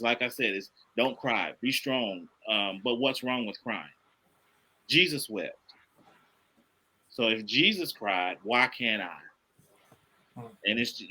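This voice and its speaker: A man's voice: mid-range voice, pushed and bright, rough recording. A middle-aged man speaking earnestly in casual conversation, repeating his points with emphasis like a preacher. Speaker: podcast guest, father.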